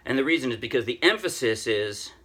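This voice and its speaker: An older man casually teaching a ukulele song, chatty and self-deprecating, thinking out loud with frequent restarts. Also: mid-range voice, animated, quick pace. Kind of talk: casual music tutorial. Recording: ukulele playing loudly throughout. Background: ukulele playing.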